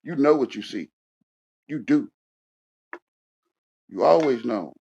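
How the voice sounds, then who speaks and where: A man rants and scolds, repeating himself as he swings between loud outbursts and low mutters. His pitch jumps around a lot. The audio is dull and lo-fi. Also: expressive, takes it slowly, gravelly, slight background noise. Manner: repetitive, confrontational, swings from shouting to muttering. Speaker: panel speaker. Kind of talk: heated casual rant. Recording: dull lo-fi sound.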